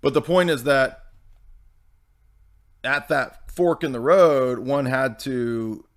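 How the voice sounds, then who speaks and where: A man in his forties talks through his points in a loose podcast style. He keeps checking in with "right?", and his voice sits at an ordinary middle pitch. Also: takes it slowly. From American Bible Belt. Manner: rhetorical, keeps asking "right?". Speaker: commentator. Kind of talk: casual podcast commentary.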